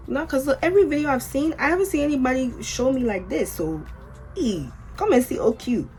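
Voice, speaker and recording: A woman's voice: high-pitched, lively intonation, fairly quick, darkish tone, faint music behind. A young American woman chatting casually to her viewers while unboxing and fitting a wig. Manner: chatty, talks straight to viewers with "y'all". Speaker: vlogger.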